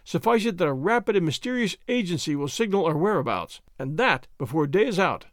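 A man's voice: high voice, sing-song, a little fast, dry recording, clean studio sound. A man reading aloud, voicing an angry, half-drunk little man who speaks defiantly and gloats. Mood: gloating.

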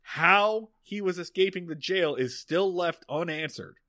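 A man's voice: sits high, sharp tone, dry recording, clean studio sound. A young man co-hosting a podcast, joking sarcastically while recapping a TV episode. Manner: joking, sarcastic, quick asides. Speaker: podcast co-host. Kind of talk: casual chat recapping a TV episode.

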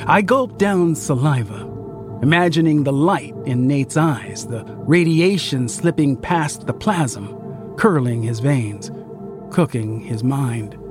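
A man reading a first-person science fiction story in a measured, hushed way. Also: medium pitch, over music. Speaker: narrator.

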